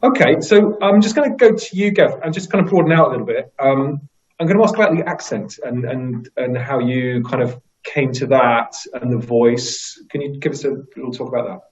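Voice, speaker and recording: A man's voice: mid-range voice, brisk. Hesitant male interviewer, dull audio. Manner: hesitant, many fillers while framing questions. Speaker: interviewer host. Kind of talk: interview questions.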